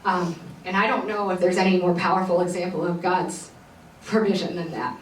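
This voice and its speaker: A young woman tells a heartfelt personal story in an earnest, rambling way, full of fillers and restarts. Her voice sits a little low and reaches the mic from a short distance. The room adds a noticeable echo, and a faint hiss runs under it. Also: brisk. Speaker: podcast host. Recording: roomy echo, voice a bit off-mic, faint background noise.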